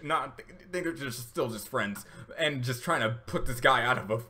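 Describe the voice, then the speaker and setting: A man's voice: mid-range voice, fairly quick, bright, forceful tone. A man hosting a casual reaction video, rambling with many fillers and restarts, and getting emotional at times. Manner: emotional, laughing through tears.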